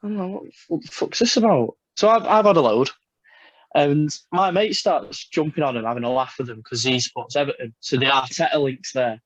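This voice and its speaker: A man with an English accent, a wrestler guest on a podcast, telling a story loudly and swearing freely. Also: mid-range voice, a little fast, dry recording, highs cut off. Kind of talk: casual podcast chat.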